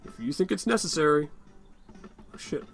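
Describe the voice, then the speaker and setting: A man with a raspy, tired-sounding voice talks his way through a game in loose, rambling commentary, swearing and mumbling to himself as he goes. His voice sits a little high for a man, with faint music playing underneath. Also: animated, normal speed. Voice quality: raspy, worn-out voice. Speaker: gaming channel host. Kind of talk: casual gameplay commentary.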